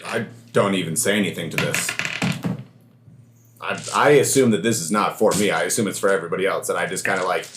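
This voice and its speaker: A man playing a tabletop game, agreeable and quick to say yes. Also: low-pitched, echoey room, music in the background. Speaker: player.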